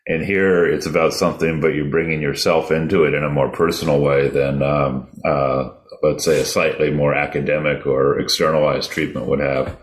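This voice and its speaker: A man co-hosting a radio talk show, asking measured, scholarly questions with hesitant fillers. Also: a bass voice, little pitch movement, reverberant. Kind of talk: thoughtful interview questions.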